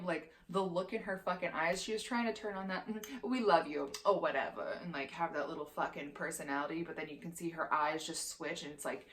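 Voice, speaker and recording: A woman's voice: fairly low pitch, a bit bright. A woman in her twenties ranting as a vlogger, heated and profane, swearing constantly. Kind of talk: heated opinion rant.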